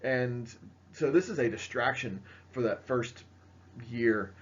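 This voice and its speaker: Male teacher with a mid-pitched voice, lecturing casually over slides, dull lo-fi recording. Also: takes it slowly, husky. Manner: casual, filler-heavy, pointing at slides. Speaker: history teacher.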